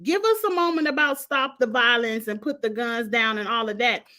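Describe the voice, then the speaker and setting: A woman's voice: fairly high pitch, moderate pace. Sassy woman ranting about a show. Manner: animated, sassy, exasperated commentary. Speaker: reality TV reviewer. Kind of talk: casual recap rant.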